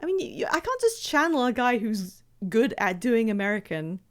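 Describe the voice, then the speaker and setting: A woman's voice: fairly high pitch, big pitch swings, normal speed. A woman streamer chatting casually while playing a game, rambling with many fillers and restarts.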